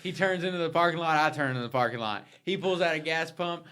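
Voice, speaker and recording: Male podcast co-host, raised pitch, profane and laughing storyteller. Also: quick pace, fairly bright tone, clear, resonant tone. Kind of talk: casual storytelling chat.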